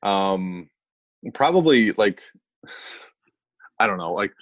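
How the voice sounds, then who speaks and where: A man co-hosting a podcast in casual chat. He talks in a relaxed way, with hesitant fillers, and laughs along. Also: low voice, slow, no echo, lo-fi sound. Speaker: podcast co-host.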